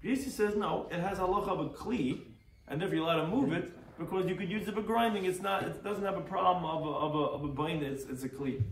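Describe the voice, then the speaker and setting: A man's voice: sits high, fast talker. A man, a rabbi teaching a daily Talmud class, reads Aramaic phrases and explains them in English, acting out the sages. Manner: animated, acts out the quoted sages. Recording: echoey room, far from mic, faint noise.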